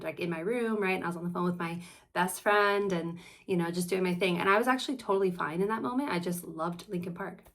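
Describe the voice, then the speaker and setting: A woman's voice: fairly low pitch, a bit bright. A woman therapist hosting a reaction video, talking in a casual, earnest and reflective way as she shares personal stories.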